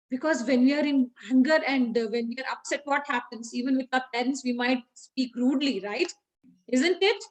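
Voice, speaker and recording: A woman's voice: sits high, fairly quick, poor audio. A woman, teaching children by retelling a story in a chatty way, with many fillers and questions to the class.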